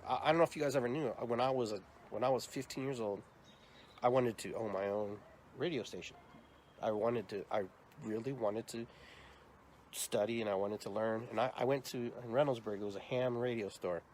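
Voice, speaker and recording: Middle-pitched man in his fifties hosting a podcast, lively storyteller, faint noise behind him. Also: a little fast. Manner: animated, acts out the people in his stories. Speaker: podcast host. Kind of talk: casual storytelling interview.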